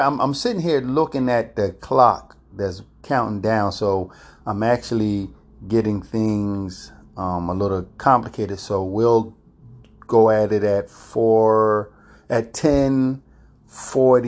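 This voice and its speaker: A man's voice: lowish voice, slow pace. A man hosting a casual solo podcast, rambling and hesitant with many fillers. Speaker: podcast host.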